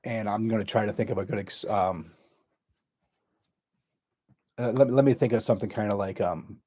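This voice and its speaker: A man working as a therapist, explaining a communication skill in a halting way, full of fillers and restarts. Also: fairly low pitch, dark tone, dry recording.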